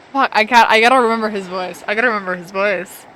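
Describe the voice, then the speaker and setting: A woman's voice: medium pitch, fairly bright tone, a little hiss or hum. A young woman streaming a game, reading its dialogue aloud and voicing the characters in a giggly, sweary way. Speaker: gaming streamer. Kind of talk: casual let's-play commentary, reading dialogue aloud.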